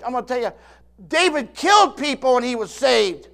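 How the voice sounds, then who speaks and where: A pastor in his sixties preaches a sermon with emphatic force in an extremely high, sing-song, gravelly, slightly bright voice at normal speed. He often restarts and repeats his words as he goes, and keeps calling out to his listeners for a response.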